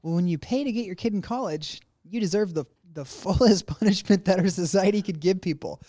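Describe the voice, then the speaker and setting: A man co-hosting a casual podcast, animated and laughing as he acts out other people. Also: high-pitched, fairly quick, dry recording, studio quality. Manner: laughs often mid-sentence. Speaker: podcast co-host. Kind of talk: casual chat.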